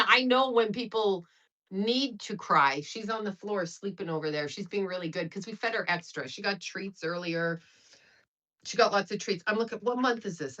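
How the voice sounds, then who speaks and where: An outspoken woman in her fifties chats on her livestream, and her bright, sharp-edged voice runs loosely from story to story. She swears without a pause and laughs at her own bluntness. The sound is a little dull and lo-fi. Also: mid-range voice. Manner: blunt, profane, laughing, rambling. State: sweating. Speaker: livestream host and astrologer. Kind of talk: casual livestream chat.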